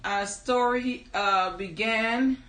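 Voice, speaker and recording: A woman's voice: a little high, slow pace, fairly bright tone, roomy sound. A woman hosting a live stream, greeting viewers by name in an upbeat, chatty way before starting her story. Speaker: livestream storyteller host. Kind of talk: casual live-stream chat.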